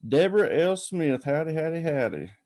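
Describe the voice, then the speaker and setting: A man hosts a casual call-in show with a mellow, relaxed tone and an easy, rambling flow. His voice sounds close and dry, with no room echo. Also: on the high side, moderate pace. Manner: folksy, rambling, greets viewers by name. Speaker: podcast host. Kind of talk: casual live-stream chat.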